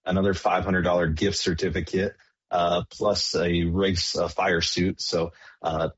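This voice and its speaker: Deep husky man on a phone line. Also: little pitch movement, measured pace, dry recording. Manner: hesitant, many fillers and restarts. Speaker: race track promoter. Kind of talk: phone-in radio interview. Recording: dull phone-line hotline audio.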